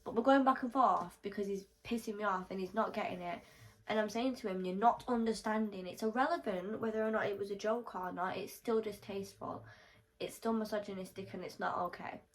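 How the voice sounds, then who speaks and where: A young woman telling a storytime vlog, animated and swearing freely as she acts out the quotes. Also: mid-range voice, a little fast, low-quality recording.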